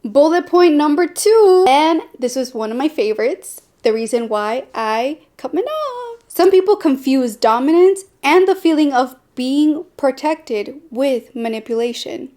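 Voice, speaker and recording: A young woman with a high voice talks straight to her listeners as a podcast host. She is blunt and animated, with sarcastic, sassy asides, in a candid personal chat about dating. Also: a little slow, hardly any pauses.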